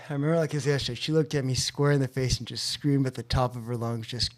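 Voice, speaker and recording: A man's voice: medium pitch, steady tone, very fast, few pauses. A man from California, a podcast guest, telling his recovery story in an earnest, heartfelt way.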